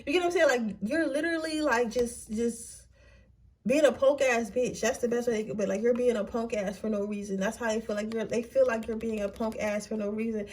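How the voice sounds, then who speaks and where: A woman's voice: fairly high pitch, steady tone, a little fast, a little mellow. A young woman giving a casual pick-a-card tarot reading, blunt, slangy and full of profanity. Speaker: tarot reader.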